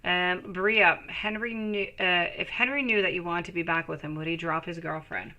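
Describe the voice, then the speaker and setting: A woman's voice: on the low side, fairly even intonation, moderate pace, sharp tone, dull audio. A woman giving live tarot readings to viewers, reassuring and calling them sweetie. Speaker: tarot reader.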